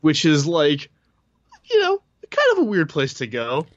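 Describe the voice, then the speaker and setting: A man's voice: fairly high pitch, wildly swooping pitch, a little slow, no room sound, lo-fi sound. A man co-hosting a podcast, chatting casually and rambling with frequent laughs. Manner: laid-back, rambling, laughs often. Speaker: podcast co-host. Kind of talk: casual book discussion chat.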